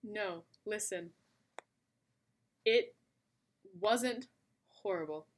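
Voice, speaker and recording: A woman's voice: mid-range voice, drawn-out words. A Canadian woman co-hosting a podcast in casual chat, playful and teasing, laughing often. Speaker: podcast co-host.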